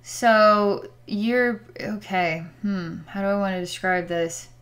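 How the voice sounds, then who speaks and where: A woman's voice: medium pitch, takes it slowly, a bit bright. A woman working as a psychic healer, describing what she sees during a distance healing session in a hesitant, word-searching way with sighs.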